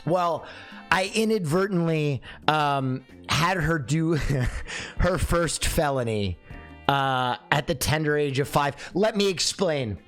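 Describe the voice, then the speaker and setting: A young man spins a comic story with a voice that sits a little high and jumps all over the place as he acts out every line. He talks in a lively way, and faint music plays underneath. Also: slow. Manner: lively, acts out dialogue with swinging pitch. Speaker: streamer telling a story.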